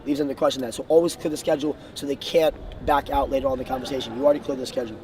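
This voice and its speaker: A man's voice: mid-range voice, fairly even intonation, rapid-fire, a little mellow. Earnest young man giving motivational advice. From Bahamas. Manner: earnest, enthusiastic, addresses viewers as guys. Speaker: sales trainer. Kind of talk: motivational coaching talk. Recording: distant mic, faint street noise.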